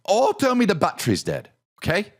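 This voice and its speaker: Middle-aged guy riffing on a podcast, pitch jumping all over, swears a lot, does little voices for people in his story. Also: huge pitch swings, a little fast. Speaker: podcast host. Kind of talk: comedic storytelling.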